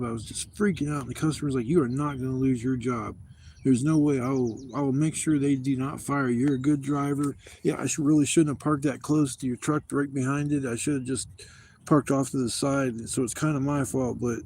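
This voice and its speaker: Gravelly, mellow-toned fifties man, candid and cussing, recorded outside with faint birds and hiss. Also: medium pitch. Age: 50s. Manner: rambling, profane, candid. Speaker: camping vlogger. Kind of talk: casual storytelling to camera. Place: outdoors at a campsite.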